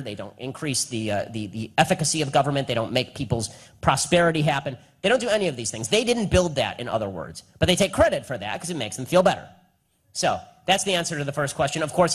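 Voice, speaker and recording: A young man giving a combative live speech and answering audience questions, with rapid, repetitive emphasis. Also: medium pitch.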